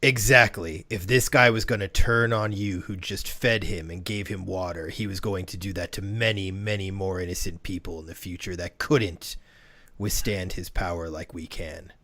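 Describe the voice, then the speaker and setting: A man with a low, gravelly voice plays his character at a tabletop game. He speaks in stern, grim declarations. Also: fairly even intonation, normal speed, bright, forceful tone. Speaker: player. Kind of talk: in-character tabletop role-play.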